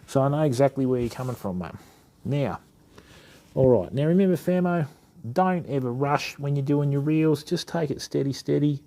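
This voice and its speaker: A middle-aged Western Australian man with an Australian accent hosts a fishing channel, servicing fishing reels during a live-stream demo. His mid-range voice has a dark tone and lively intonation at a normal speed. He's casual and matey, chatting to viewers as he works.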